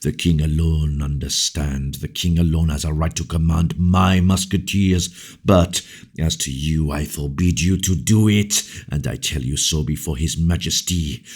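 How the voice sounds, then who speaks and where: A man voicing a proud, angry musketeer captain speaking forcefully and with indignation. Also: very deep voice, measured pace, slightly rough, exaggerated voice. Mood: indignant.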